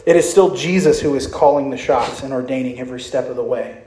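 A man's voice: mid-range voice, fast, mellow, roomy sound, a little hiss or hum, low-quality recording. A young adult man preaching a sermon as pastor, conversational and asking his listeners questions. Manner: conversational, asks the congregation questions.

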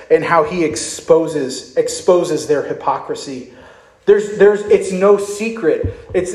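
A young male pastor delivers a sermon in a slightly high voice, talking conversationally and asking the congregation questions. The sound carries in a roomy, echoey church hall. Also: a little hiss or hum.

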